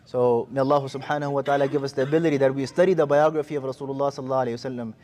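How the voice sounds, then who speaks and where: A man preaching in a mosque, telling a story quickly and acting out the quoted speech. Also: medium pitch, fairly even intonation, a little mellow. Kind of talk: sermon.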